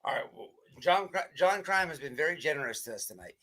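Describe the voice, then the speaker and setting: A man with a high, sharp-edged voice hosts a live stream commentary. He talks bluntly, swears freely and restarts his sentences as he goes. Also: animated, fast. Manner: blunt, profane, stumbling restarts. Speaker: livestream host.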